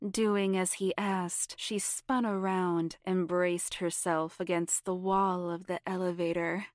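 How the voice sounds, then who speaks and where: A woman narrating an erotic story in a soft, half-whispered, sensual voice on a close mic. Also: fairly low pitch, no echo.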